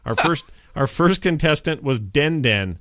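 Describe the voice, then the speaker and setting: A man's voice: a little high, expressive, unhurried, fairly bright tone, no echo. A man hosting a casual podcast, joking around and fumbling through his notes. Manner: joking, scattered, self-deprecating. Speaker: podcast host.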